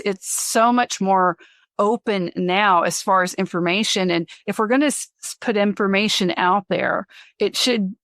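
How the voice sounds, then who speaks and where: A woman's voice: mid-range voice, a bit bright, no room sound. Chatty woman podcast host, dry sound. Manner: chatty, rambling storyteller who laughs mid-sentence. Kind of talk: casual interview chat.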